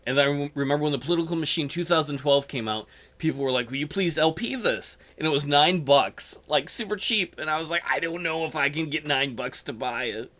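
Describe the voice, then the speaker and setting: Casting: man podcast co-host, bright tense tone, casual joking chat, a little tired. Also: fairly high pitch, fairly quick, hardly any pauses.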